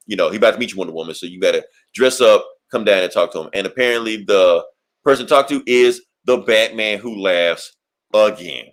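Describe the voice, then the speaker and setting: A podcast co-host with a lowish, fairly bright voice recaps a comic in rambling, profane, casual chat, laughing often.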